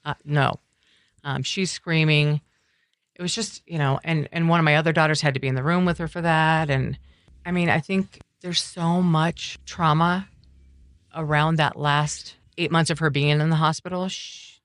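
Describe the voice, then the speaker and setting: A middle-aged woman talking earnestly as a podcast guest, telling a personal story in halting, reflective sentences. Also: deep voice, fairly even intonation, no echo. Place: coffeehouse.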